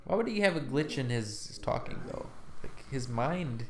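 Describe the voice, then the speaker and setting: A man's voice: mid-range voice, lively intonation, normal speed. A man co-hosting a movie commentary podcast, talking in a casual, musing way with stumbling restarts. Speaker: podcast co-host. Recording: roomy room sound, faint noise.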